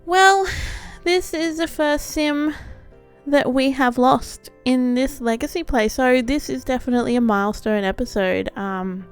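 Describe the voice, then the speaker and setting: In a high, clear, resonant voice, a woman takes her time narrating a let's play. She's chatty and giggly, pokes fun at herself, and faint music sits in the background.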